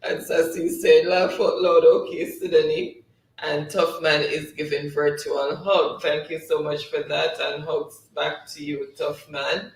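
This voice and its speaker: A man with a fairly high voice hosts a live trivia stream, reading out viewer comments at an unhurried pace. He is chatty and often laughs along. His voice sits back from the mic in an echoey room. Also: flat delivery, creaky, distant mic. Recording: roomy sound, voice set back from the mic.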